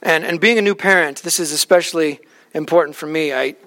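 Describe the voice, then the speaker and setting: A man's voice: fairly high pitch, a little fast, pushed and bright. A man in his thirties, a pastor, preaching a conversational sermon with personal stories and frequent restarts. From Alaska.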